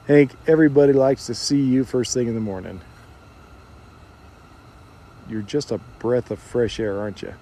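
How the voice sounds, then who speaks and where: A man's voice: medium pitch, warm tone, slight background noise. A rancher hosting a casual live stream outdoors. He chuckles often and talks in a folksy way to his animals and his viewers.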